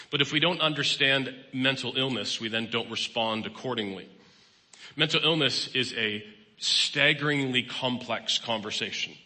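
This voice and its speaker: A man's voice: mid-range voice, pushed and bright. Man, 50s, guest speaker and therapist, candid sermon delivery, reverberant hall. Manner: candid, personal, plain-spoken. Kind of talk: conversational sermon. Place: church hall. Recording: long reverb of a large hall.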